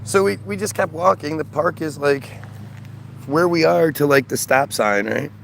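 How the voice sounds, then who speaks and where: A man's voice: on the high side, normal speed, gravelly, slight background noise. A man casually telling a rambling, exasperated story to his live feed, acting out the people he quotes. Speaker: streamer.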